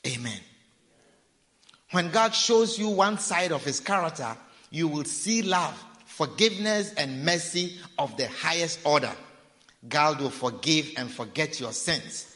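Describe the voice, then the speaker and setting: A man delivers a sermon with insistent repetition, now and then acting out a sinner's pleading. His voice sits a little higher than most men's. The sound carries a long reverb, as in a large church hall. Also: expressive, a little slow, pushed and bright. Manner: preaching with repetition and acted-out pleading. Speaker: preacher.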